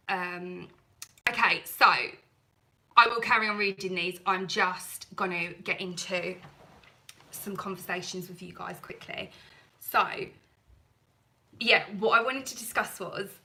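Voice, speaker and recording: A woman's voice: mid-range voice, sharp tone, low-quality recording. A woman hosting a cleaning channel, chatting through a live stream with viewers in a rambling, self-deprecating way.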